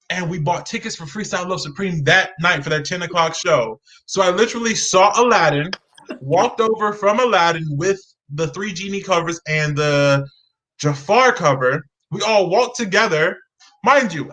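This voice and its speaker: Bright, lively young man telling stories. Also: high-pitched, rough recording. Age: young adult. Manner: lively, acts out voices in his stories. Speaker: guest. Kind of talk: animated storytelling. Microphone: video call.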